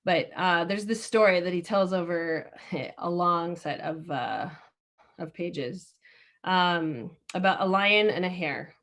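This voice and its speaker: A woman's voice: lowish voice, takes it slowly, a bit bright. A woman leading a discussion session over a video call, telling a story in a casual, chatty way full of filler words. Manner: chatty, many fillers and restarts. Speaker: discussion leader.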